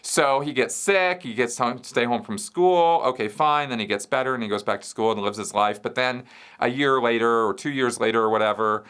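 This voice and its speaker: A man's voice: medium pitch, a little fast, fairly bright tone, clean tone. A man hosting a question show, explaining an idea step by step and often checking in with the listener. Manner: explains step by step, checks in with "right?" and "you see". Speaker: show host answering viewer questions. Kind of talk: explanatory solo talk.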